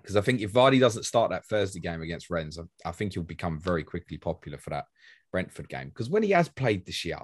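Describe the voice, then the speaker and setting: A man's voice: deep voice, very animated, a little fast, slightly rough, dry recording. A man hosting a casual podcast, chatty and rambling, swearing now and then. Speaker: podcast host. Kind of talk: casual fantasy football podcast chat.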